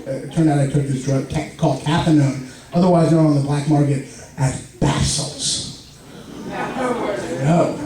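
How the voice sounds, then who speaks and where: A young man with a lisp telling an animated stand-up comedy story on a club stage, jumping into loud, high outbursts. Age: young adult. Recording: echoey club, far mic, laughing crowd. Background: audience laughter.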